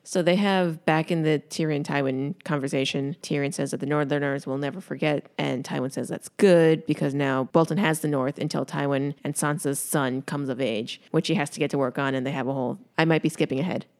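A woman co-hosting a casual podcast chat, recapping a TV episode with sarcastic, animated retellings. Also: low-pitched, fairly quick, few pauses.

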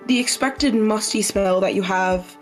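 A woman game master narrating a tabletop role-playing scene, her voice mid-pitched. She pauses often and uses fillers as she describes. Soft music plays under her.

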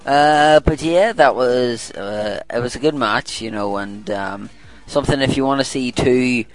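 A man's voice: mid-range voice, unhurried, faint music behind. A man co-hosting a casual podcast, joking and teasing his co-host. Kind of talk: casual chat.

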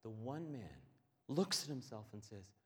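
A pastor preaching a passionate sermon, swinging between quiet and loud. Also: male voice, medium pitch, expressive, unhurried. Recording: echoey hall.

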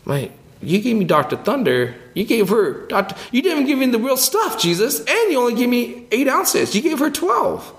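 A man voicing an awkward outcast boy who is eager and easily jealous, in a whiny, high, excitable tone. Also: moderate pace, hardly any pauses, full character voice.

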